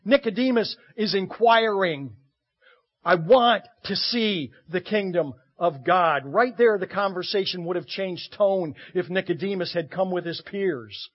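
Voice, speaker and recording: A man preaching a sermon as pastor, expressive, moving between loud emphasis and quiet asides with dramatic pauses. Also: high-pitched. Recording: muffled lo-fi recording.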